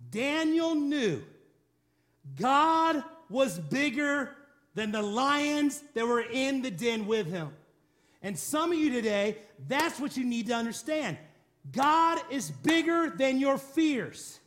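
A man with a high, bright-pitched voice preaches emphatically. He stacks up repeated declarations and rhetorical questions and calls on his listeners to answer back. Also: lively intonation, slow. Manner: calls for congregation response. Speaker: pastor. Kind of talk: sermon.

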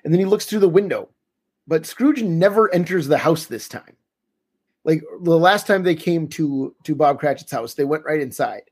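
A man hosting a podcast in a relaxed, chatty way. His voice sits a little high and has a husky edge. He steers the talk and keeps handing questions to his co-host and guest. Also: moderate pace. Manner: leads the talk and poses questions. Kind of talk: casual podcast chat.

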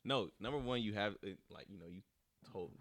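A man's voice: fairly low pitch, fairly quick, fairly bright tone, dry recording. A man hosting a casual interview, laid-back and reassuring, with lots of "you know". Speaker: host.

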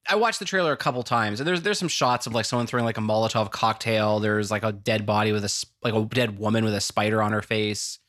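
An American man chatting casually about movies as a podcast co-host, animated and rambling, often restarting his sentences. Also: on the low side, fast, hardly any pauses. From United States.

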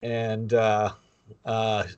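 A middle-aged man who grew up near the Canadian border, co-hosting a podcast in a halting, thoughtful way. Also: on the low side, monotone, darkish tone, clear, resonant tone, highs cut off. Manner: halting and thoughtful, many fillers and restarts. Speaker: co-host. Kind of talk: casual podcast chat.

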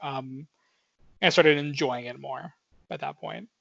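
A man's voice: mid-range voice, unhurried, gravelly, bright, forceful tone. A young man co-hosting a casual movie podcast, rambling with lots of fillers and laughing often. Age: young adult. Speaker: podcast co-host. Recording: muffled lo-fi audio.

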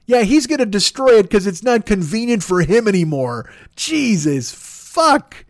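Podcast host, male, high voice, dry close sound, swearing and sarcastic rant. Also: sing-song, fairly quick, no room sound. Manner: profane, sarcastic, exasperated. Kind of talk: ranting monologue.

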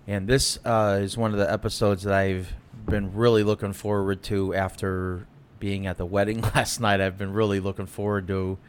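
A man's voice: lowish voice, flat delivery, normal speed, slight background noise. A young man co-hosting a podcast in casual chat, telling a story with plenty of fillers and restarts. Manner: rambling, lots of fillers and restarts. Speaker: podcast co-host.

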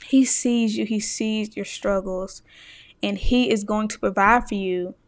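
An earnest young woman talks to her podcast listeners about faith. Her voice sits at a middle pitch and turns emotional as she speaks straight to them. The recording is close and dry. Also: fairly even intonation, a little slow, no echo. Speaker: podcast host. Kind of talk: personal faith talk to listeners.

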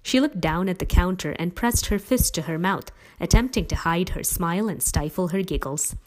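A woman reads a family story aloud as a lively, expressive narrator. Her voice sits on the low side for a woman. The narration is steady and clear. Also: moderate pace.

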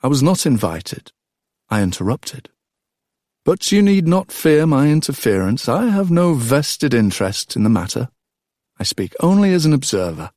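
A man's voice: mid-range voice, very animated, normal speed, darkish tone, no room sound, pitched above the performer's own voice, natural voice. A man voicing a self-assured grown man who teases dryly from the sidelines. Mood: wry. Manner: dry, teasing.

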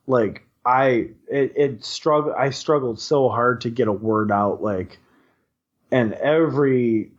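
A young man tells a long personal story in loose, profane chat, piling on fillers and restarts. His voice sits at an ordinary pitch. The recording is a little dull and lo-fi. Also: husky. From Wisconsin. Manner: rambling, profane, lots of fillers. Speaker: podcast co-host.

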